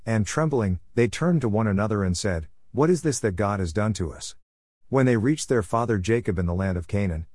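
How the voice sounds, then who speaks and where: A man reading scripture aloud in a steady, measured way, lifting his voice a little for quoted speech. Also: lowish voice, dry recording, studio quality. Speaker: Bible reader.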